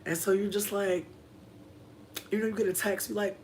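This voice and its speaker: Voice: medium pitch, steady tone, moderate pace. A young adult streamer in casual livestream chat, telling a loose, profane story. The speaker rambles through fillers and hops between the story and comments from viewers. A faint hiss sits under the voice. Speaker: content creator.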